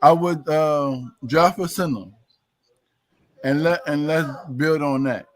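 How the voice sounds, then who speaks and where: A man's voice: a little high, slow pace, rough recording. A man calling in to a sports talk stream, often repeating words as he builds his point. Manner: repeats words while getting going. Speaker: caller.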